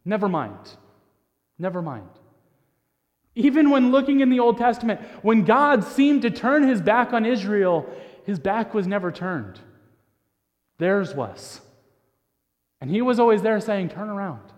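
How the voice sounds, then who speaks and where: High-voiced preacher in an echoing hall. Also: male voice, lively intonation, measured pace, dull audio. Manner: earnest, repeats words as he restarts; drops to a soft, hushed voice for emphasis. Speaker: pastor. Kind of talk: sermon. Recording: long reverb of a large hall.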